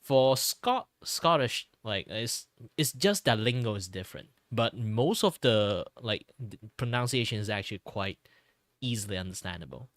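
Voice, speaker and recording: A man's voice: lowish voice, animated, normal speed, a bit bright, dry recording, studio quality. A young man from Malaysia chatting casually on a stream, rambling with lots of "like" and repeated words. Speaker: streamer, artist.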